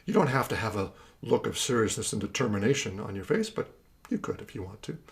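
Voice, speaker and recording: A man's voice: lowish voice, expressive, fast talker, gravelly. A man instructing a guided exercise, counting out rhythms with energy and explaining the reasons behind each step.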